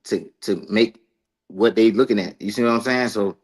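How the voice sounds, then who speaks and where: A man's voice: fairly low pitch, normal speed. A man speaking as a guest on a casual podcast, hesitant and often repeating words as he makes his point. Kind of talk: casual livestream podcast talk.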